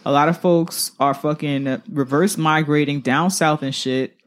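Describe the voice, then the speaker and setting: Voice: medium pitch, fairly even intonation, unhurried. A co-host on a casual podcast, talking bluntly, swearing and backing up the other host. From New York. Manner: backs up co-host, profane, blunt.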